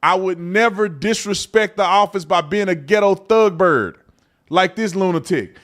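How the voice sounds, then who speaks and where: A man's voice: high-pitched, normal speed, a bit bright. A man from Texas with a Texan accent, hosting a live political commentary show in a blunt, mocking, slangy way. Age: adult. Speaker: host.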